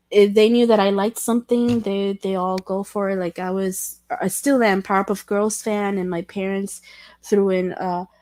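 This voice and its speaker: A woman hosting a casual livestream chat with viewers, talking in a halting way with many restarts and self-corrections, candid and self-deprecating. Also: medium pitch, darkish tone, dry recording. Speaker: livestream host chatting with viewers.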